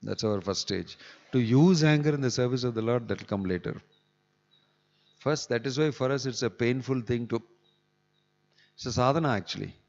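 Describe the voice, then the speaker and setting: The dull, echoey recording captures a man giving a scripture class in a temple hall, a sermon delivered conversationally with chuckled asides. He speaks at medium pitch and a moderate pace, leaving long pauses.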